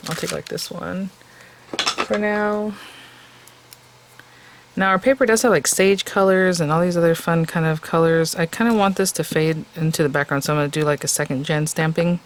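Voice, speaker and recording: A woman with a lowish voice and fairly even intonation demonstrates card making in a casual crafting tutorial, speaking at a normal speed. She chats and thinks aloud as she works, sounding a little tired. The low-quality recording has slight background noise.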